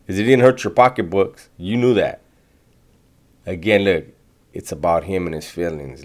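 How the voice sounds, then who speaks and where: A man on the panel mocking the host and weighing in with animated, opinionated commentary. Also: deep voice, moderate pace, pauses often.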